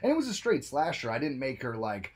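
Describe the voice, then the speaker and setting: Male podcast co-host, husky, animated storyteller, casual chat. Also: medium pitch, fairly quick. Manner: animated storyteller, jumps into joking voices.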